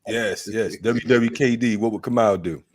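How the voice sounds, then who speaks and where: A man's voice: fairly low pitch, normal speed. A man hosting a morning talk show over a video call, joking and laughing in loose slang. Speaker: host.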